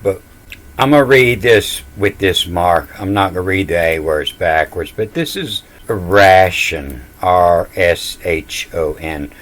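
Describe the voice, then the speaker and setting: A man's voice: low voice, slow, fairly bright tone. A man giving a casual explanatory lecture on scripture words, spelling out letters one by one in a confident, dismissive way. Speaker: self-taught scripture reader.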